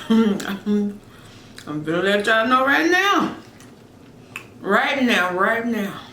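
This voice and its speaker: Playful woman mukbang host, fairly high voice, slow unhurried delivery, roomy off-mic sound. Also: big pitch swings, sharp tone, recorded from a distance, a little hiss or hum. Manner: playful, teasing, talks while chewing with lots of mm sounds. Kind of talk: casual eating vlog chat.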